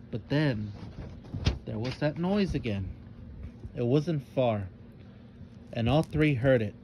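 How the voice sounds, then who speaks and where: A man reading a children's story aloud in a calm, measured narrating voice. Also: mid-range voice, slight background noise.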